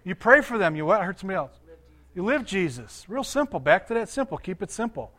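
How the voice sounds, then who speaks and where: A man's voice: high-pitched, sing-song, quick pace, a bit bright. An older man, a pastor, giving a conversational sermon, laughing often and quizzing his congregation.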